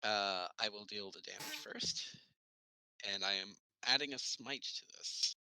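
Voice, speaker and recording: A man playing a tabletop game, calmly declaring his actions. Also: on the low side, a little slow, smooth, poor audio. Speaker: player.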